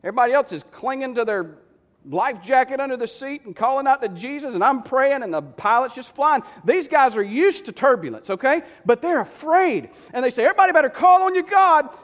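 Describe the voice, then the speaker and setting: A man preaching a sermon, telling the story with lively, conversational asides to the congregation. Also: very high-pitched, fairly quick. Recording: long hall reverb.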